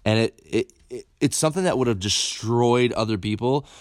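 A man, telling a personal story in a candid, animated way, cursing freely and stumbling over repeated words. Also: medium pitch, normal speed, dry recording, clean studio sound. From upstate New York. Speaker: motivational speaker.

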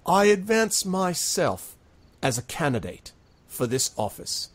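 A man's voice: on the high side, very animated, unhurried, voice pushed up. A man voicing a scheming male street criminal who whips up a crowd with speeches. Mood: rousing. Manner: rabble-rousing, speechifying.

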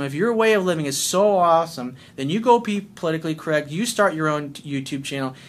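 A man's voice: on the high side, a bit bright. Blunt, swearing man ranting. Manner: blunt, combative, heavy swearing. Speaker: life coach. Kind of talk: profane rant to camera.

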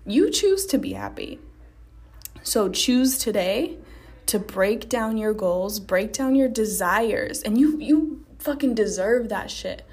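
A woman's voice: mid-range voice, unhurried, slightly rough. A young adult woman hosting her own podcast, giving a blunt, profane, motivational pep talk to her listeners. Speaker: podcast host. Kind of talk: motivational solo podcast monologue.

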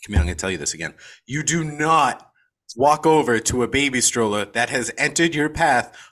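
A man with a bright, forceful voice argues a point on a video-call podcast, swearing freely and hammering his words home by repeating them. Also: medium pitch, lively intonation, quick pace. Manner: emphatic, profane, repeats himself for emphasis. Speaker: podcast co-host. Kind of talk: casual movie discussion.

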